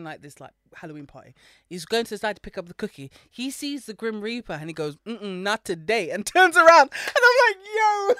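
A man co-hosting a casual podcast chat, telling stories with lively acted-out quotes. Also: high voice, no room sound. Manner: animated storyteller, acts out quotes. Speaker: podcast co-host.

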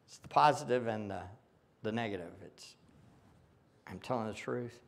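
A man preaching a sermon as pastor, moving from hushed whispers to loud emphatic exclamations. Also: medium pitch, big pitch swings, unhurried. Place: church sanctuary.

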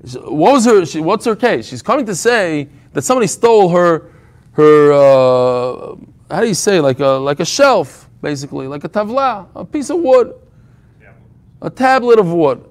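A man's voice: high-pitched, expressive, normal speed. A man teaching an informal Talmud class, telling the story with humor and frequent restarts.

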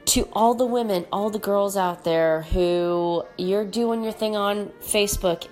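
A woman with a stuffy, nasal voice talks on her own podcast, frank and emphatic, with a mid-range pitch. She speaks plainly and casually, with faint music behind her. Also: a little slow, a little mellow. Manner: candid, emphatic, frank with mild swearing. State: congested, nasal from allergies. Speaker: podcast host. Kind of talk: casual solo podcast talk.

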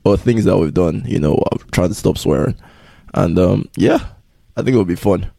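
A man's voice: low voice, normal speed, gravelly, mellow, slightly rough, no room sound, low-quality recording. A young man co-hosting a podcast in casual chat, laid-back and hyping up his listeners. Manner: laid-back, hypes up the audience. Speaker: podcast co-host.

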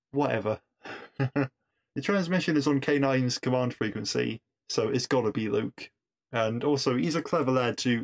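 Male podcaster, mid-pitched, conversational recap voice, amused, stumbles and restarts freely. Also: gravelly. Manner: chatty, amused, with frequent restarts. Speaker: podcast reviewer. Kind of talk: casual episode recap.

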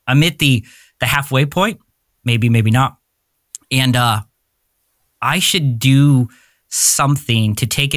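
A man's voice: medium pitch, fairly bright tone, dry recording, clean studio sound. Candid rambling man in his forties. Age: 40s. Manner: rambling, candid, often searches for words. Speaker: podcast guest. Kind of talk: casual interview storytelling.

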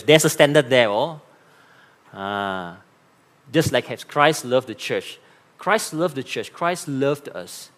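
A man with a Malaysian English accent preaching a sermon as pastor, animated and often repeating key phrases. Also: fairly high pitch.

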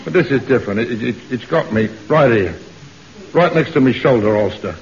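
A middle-aged man plays a bashful, lovestruck tough as the comic co-star of a 1950s British radio sitcom. He speaks briskly in a mid-range voice with lively intonation, and the old radio recording sounds dull.

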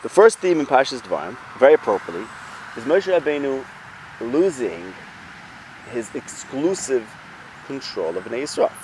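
Animated man teaching a Torah class. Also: mid-range voice, normal speed, a little hiss or hum. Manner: conversational, thinks aloud with restarts and rhetorical questions. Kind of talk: informal Torah lesson.

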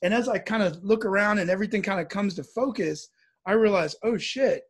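A man from the American Midwest recounts a personal story in an easy, conversational way. His voice sits high for a man and has a husky edge. He livens the telling by acting out the people in it. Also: quick pace. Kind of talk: casual spoken storytelling.

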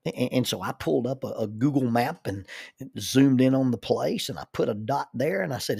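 Middle-aged man, folksy storyteller, gravelly and a bit husky, dry close sound. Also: mid-range voice, expressive, moderate pace, a little mellow, no room sound. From southern United States. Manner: folksy, repeats words when starting sentences. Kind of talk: personal storytelling.

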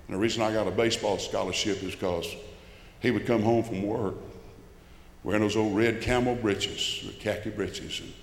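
A man in his sixties with a Georgia Southern accent, telling a personal testimony in church in a folksy storytelling way that swings between loud and hushed. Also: fairly low pitch, steady tone, normal speed. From South Georgia, USA. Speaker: guest speaker giving a testimony. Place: church sanctuary. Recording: roomy, echoing church hall.

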